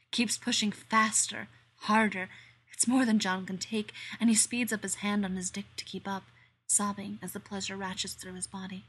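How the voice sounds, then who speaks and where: A woman narrating an erotic audio story in a slow, intimate manner that slips into whispers. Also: mid-range voice, fairly bright tone, breathy edge.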